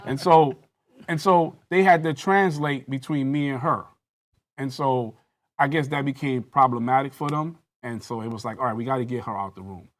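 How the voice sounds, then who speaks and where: A panel guest tells a personal story about a police interrogation, acting out the dialogue with mounting intensity. His voice is medium-pitched and his pace moderate.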